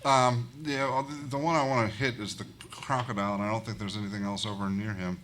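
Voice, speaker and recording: A man's voice: fairly low pitch, fairly even intonation, quick pace, a bit bright. A man playing in a tabletop game, hesitant and unsure about the rules. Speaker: player. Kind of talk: casual tabletop play. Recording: audible background noise.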